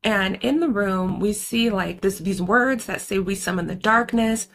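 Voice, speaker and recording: A woman's voice: mid-range voice, a little slow, fairly bright tone. A woman with a mid-range voice gives a casual spoken movie recap as host. She is chatty and slangy and addresses her viewers directly.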